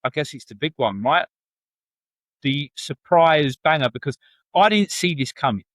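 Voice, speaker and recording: A man's voice: a little high, expressive, normal speed, fairly bright tone, no echo. A man from England co-hosting a wrestling podcast, chatty and enthusiastic in casual conversation. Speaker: podcast co-host. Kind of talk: casual chat.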